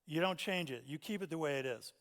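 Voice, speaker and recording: A man teaching a Bible class at church, animated and playful, acting out the quoted voices. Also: on the high side, fast. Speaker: pastor. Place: church sanctuary. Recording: long hall reverb.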